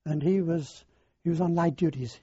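An older man, recounting his past in a halting, rambling way in an oral history interview. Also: a little high, dark tone, breathy edge, no echo. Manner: halting, rambling storyteller with many fillers. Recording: dull lo-fi dry recording.

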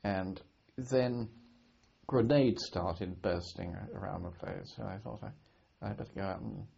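An older man from Britain recounts his wartime service in a halting way, stopping, restarting and repeating words as he remembers. His low voice is heavily gravelly and husky. The recording is a dull, lo-fi archive tape. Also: dark tone. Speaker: war veteran recalling his service. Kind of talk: oral history interview.

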